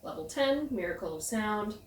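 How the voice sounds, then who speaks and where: A woman announcing a list of titles in a flat, deliberate way. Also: mid-range voice, vocal fry. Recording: echoey and distant from mic.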